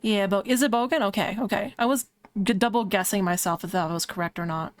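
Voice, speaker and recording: A woman's voice: medium pitch, fast. A woman streamer chatting casually while she draws, rambling with lots of "like" fillers. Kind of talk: casual chat while drawing on a live stream.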